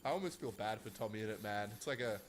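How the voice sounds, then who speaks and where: A man hosting a casual online drama commentary, talking in an animated, chatty way and laughing often. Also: on the low side, quick pace, a little hiss or hum. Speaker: commentary vlogger.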